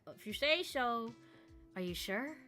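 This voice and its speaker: A woman's voice: on the high side, expressive, moderate pace, sharp tone, soft background music. A woman game streamer who jokes, laughs often and reads the story text aloud.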